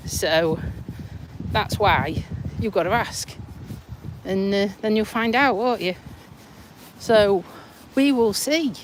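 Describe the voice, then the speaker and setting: An English woman vlogging live walks along a footpath by a road, chatting casually into a phone in her hand while cars go past. Her medium-pitched voice moves slowly with frequent pauses, and she teases and laughs often, sounding slightly winded.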